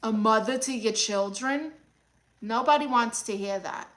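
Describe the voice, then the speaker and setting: A woman playing a brash, sassy aunt who hosts a livestream, reading viewer comments with deadpan scolding. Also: on the high side, a little slow. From Brooklyn, New York. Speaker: comedic livestream host character. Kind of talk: mockumentary livestream comedy.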